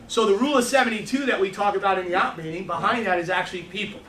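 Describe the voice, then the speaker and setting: A man giving an animated training talk to a room, storytelling and repeating his words. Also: high voice, racing, slight background noise. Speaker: financial services trainer. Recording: echoey room from far off.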